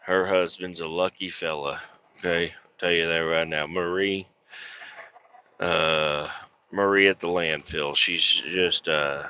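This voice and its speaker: A man's voice: deep voice, bright, forceful tone, lo-fi sound. A man driving a truck, telling rambling, profane stories in a casual vlog from inside the cab. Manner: profane, rambling storyteller with mimicked voices. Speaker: truck driver vlogger.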